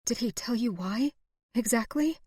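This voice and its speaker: A woman voicing a young frontier bride in an audiobook, pleading and then turning sharp. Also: a little high, expressive, moderate pace, breathy edge, dry recording, clean studio sound, voice pushed up. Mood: fearful. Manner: pleading, breaking into anger. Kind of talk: audiobook character voice.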